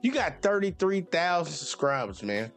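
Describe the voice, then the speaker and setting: A man's voice: on the high side, sing-song, moderate pace, soft background music. A man hosting a sports channel, ranting heatedly and profanely with speech. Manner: profane, exasperated, repetitive. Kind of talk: heated live-stream rant.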